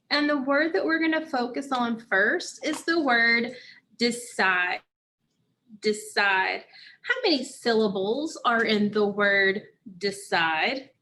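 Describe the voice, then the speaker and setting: A woman whose voice sits on the high side, a bit bright, teaches a phonics lesson. She goes slowly and patiently, posing questions and then answering them herself.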